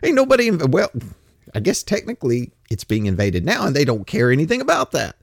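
A man's voice: fairly high pitch, huge pitch swings, brisk, creaky, husky, dry recording, clean studio sound. A man in his fifties delivering a blunt, opinionated monologue, ranting and swearing casually. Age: 50s.

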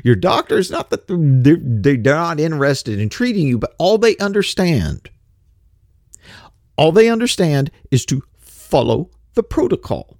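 A man's voice: a little high, big pitch swings, measured pace, darkish tone, no echo, clean studio sound. A middle-aged man giving a rambling, skeptical, blunt casual monologue.

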